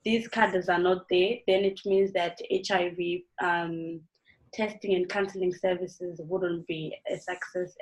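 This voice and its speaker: A woman advocate speaking as a guest over a video call, measured, with frequent pauses. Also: medium pitch, low-quality recording. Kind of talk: webinar talk.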